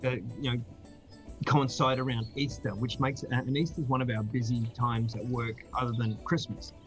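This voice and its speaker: A man's voice: mid-range voice, little pitch movement, moderate pace, poor audio. Australian man, casual chat, video call, chatty and laughing, many fillers, faint music behind. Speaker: guest.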